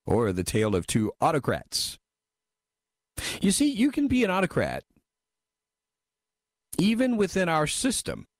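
A man's voice: a little high, huge pitch swings, a little slow, pauses often, dry recording. A man hosting a talk radio show, reading listener messages and giving wry, emphatic commentary into a studio microphone.

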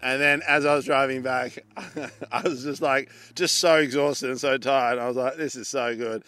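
An Australian man, a comedian and podcast co-host, telling a long story in casual chat, animated and swearing freely as he acts out the people in it. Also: medium pitch, moderate pace, no room sound.

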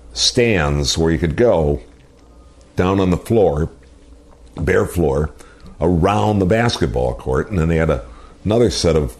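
Older male radio veteran, extremely low voice, casual rambling storyteller who does impressions. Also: darkish tone. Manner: rambling anecdotes, mimics other people's voices. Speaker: radio personality guest.

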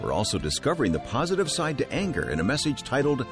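A male radio host reading a scripted introduction in a smooth announcer delivery. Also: medium pitch, wildly swooping pitch, fast talker. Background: music bed.

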